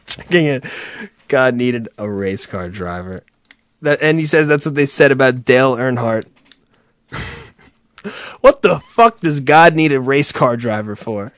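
A man's voice: mid-range voice, a little slow, pauses often, no room sound. A man hosting a crude, comedic live chat, profane and sardonic, laughing often.

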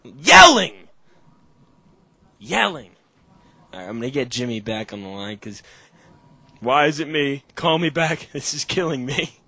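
A young man hosting a podcast on a call, telling animated, profane stories in casual chat. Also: mid-range voice, normal speed, husky. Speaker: podcast host.

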